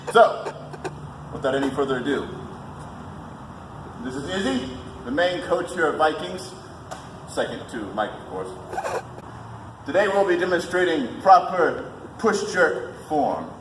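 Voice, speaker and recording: A man playing a self-important male thunder god, explaining a lift in a deadpan, mock-grand way. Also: mid-range voice, lightly acted. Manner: deadpan mock-grand, plain unaccented delivery. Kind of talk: comedic fitness demonstration. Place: gym. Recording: echoey gym hall with noise.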